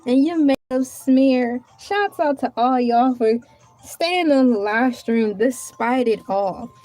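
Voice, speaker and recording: A woman with a high-sitting, warm voice chats casually and slowly during a live stream from home. She thanks viewers and talks to herself while typing and searching around her table.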